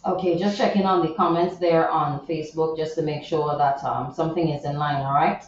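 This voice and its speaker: A woman's voice: sits low, steady tone, fairly quick, slight background noise. A woman radio host, chatting about a viral news story in a chatty, indignant way, with many asides. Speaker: radio morning show host. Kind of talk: casual chat reading social media news. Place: radio studio. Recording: very echoey, distant, dull sound.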